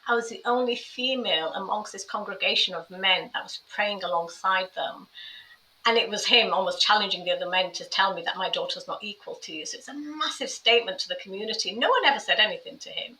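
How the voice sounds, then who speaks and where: A middle-aged woman, a carer, telling her life story in an interview, animated and quick when she describes a scene. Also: medium pitch, far from the mic, slight background noise. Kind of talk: personal storytelling in conversation. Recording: roomy echo, voice a bit off-mic.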